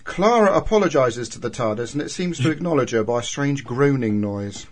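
A man's voice: mid-range voice, animated, brisk. A man hosting a podcast, casually recapping an episode from his notes. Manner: recaps plot points from notes, chatty. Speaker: podcast host.

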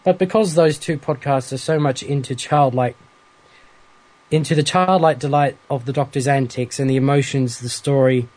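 A man's voice: mid-range voice, fairly even intonation, normal speed, darkish tone. A man co-hosting a podcast, reading listener emails aloud with amused asides. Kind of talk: casual chat.

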